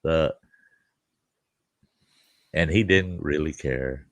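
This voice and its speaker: Very slow and very low, a middle-aged campground host's gravelly voice carries rambling, profane campfire-style tales through a casual live chat. He laughs at his own jokes, and the audio is close and dry with no room echo.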